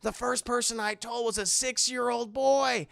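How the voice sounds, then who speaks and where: A man's voice: very high voice, fairly even intonation, moderate pace, creaky, fairly bright tone, clear, resonant tone, exaggerated voice. A man voicing a murderous, wisecracking male killer doll with a sneering, taunting manner.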